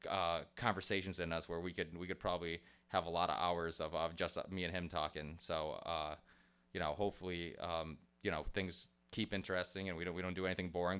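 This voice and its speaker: A man's voice: deep voice, fairly bright tone, clear, resonant tone. A man hosting a podcast in casual chat, rambling with many restarts, swearing and laughing easily. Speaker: podcast host.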